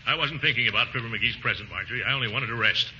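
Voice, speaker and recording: An actor playing a pompous, easily flustered middle-aged uncle, blustering in 1940s radio comedy style, with sudden high whoops. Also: male voice, racing, bright, forceful tone. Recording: scratchy dull 1940s radio broadcast with faint hiss.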